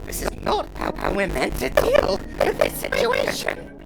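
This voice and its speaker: A man voicing a hulking, disgusted monster villain with a sneering way of talking, over loud music. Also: high-pitched, measured pace, creaky, very noisy, pitched above the performer's own voice, heavily acted. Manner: sneering, then flat monotone.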